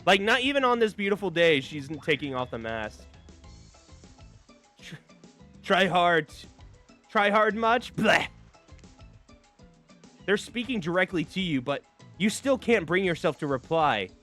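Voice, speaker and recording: A man streaming a dating game, reading it aloud with animated, laughing, rambling asides. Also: a little high, moderate pace, soft background music. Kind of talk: casual gameplay commentary.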